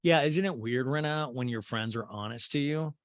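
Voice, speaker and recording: A man hosting a comedic reality-TV recap podcast, sarcastic and quick to drop into character voices. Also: mid-range voice, no echo, clean studio sound. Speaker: podcast host.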